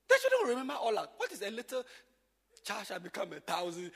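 A pastor with a high, husky voice that leaps up and down as he teaches. He jumps from loud exclamations to quiet asides. The sound rings with a long echo, as if in a large hall. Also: wildly swooping pitch, fairly quick. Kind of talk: informal church teaching.

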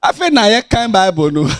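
A man with a Ghanaian accent preaches to children in a high voice that swoops up and down all the time. His delivery is sing-song and playful, teasing the listeners as he goes. The sound is close and dry. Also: fairly bright tone, no room sound. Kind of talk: lively Bible lesson for children.

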